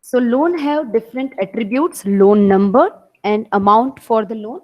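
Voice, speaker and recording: A woman's voice: a little high, normal speed, dull audio. A woman teacher with an Indian English accent giving an online class lecture, explaining step by step and repeating her points.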